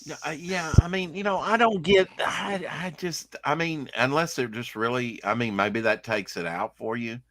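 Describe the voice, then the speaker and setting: A man's voice: on the high side, normal speed, few pauses, a bit bright, slight background noise. A man chatting casually while gaming, rambling with many fillers and restarts. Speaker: streamer.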